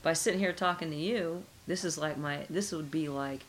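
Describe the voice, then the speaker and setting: A woman's voice: deep voice, moderate pace, a little hiss or hum, rough recording. A middle-aged woman being interviewed, talking casually and musing with rhetorical questions.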